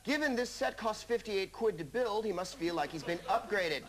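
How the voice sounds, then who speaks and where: Man, quiz show host, wry scripted quips, high voice, noisy broadcast studio. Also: lively intonation. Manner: wry, quick punchline delivery. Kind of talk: scripted comic quiz hosting. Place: TV studio with a live audience. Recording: broadcast studio with loud audience noise.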